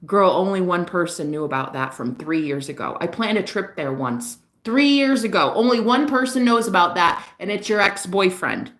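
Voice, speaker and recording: A man's voice: high voice, expressive, normal speed, few pauses, fairly bright tone. A woman voicing a casual young man on the phone who is blunt, swears and calls her girl. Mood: dismissive.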